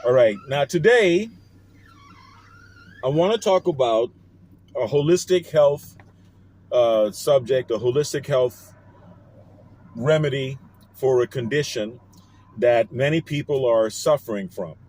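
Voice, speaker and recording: Slow, rambling man with a New Orleans accent. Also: mid-range voice, darkish tone. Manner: slow, rambling, hedging, conspiratorial. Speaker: vlogger. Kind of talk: parody of a conspiracy-theory health vlog.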